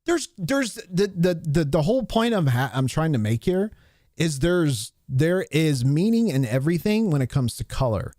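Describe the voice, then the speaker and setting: A man talks casually on his own live stream, wandering through a story with restarts and asides. His pitch rises and falls a lot as he goes. The sound is dry and close to the mic. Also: very animated, moderate pace, a little mellow, no echo. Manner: rambling, restarts and recalls a movie.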